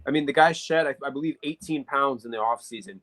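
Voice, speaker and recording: A man's voice: mid-range voice, fast, a bit bright, poor audio. Chatty man breaking down football games. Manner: analytical, talks at length with many fillers. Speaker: podcast co-host. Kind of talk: casual sports chat.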